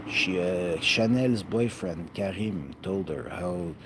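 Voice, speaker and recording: Low, unhurried man from Canada, halting and bitter, over steady background noise. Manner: hesitant, bitter, addressing an absent person. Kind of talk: rambling monologue. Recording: noisy ambient background.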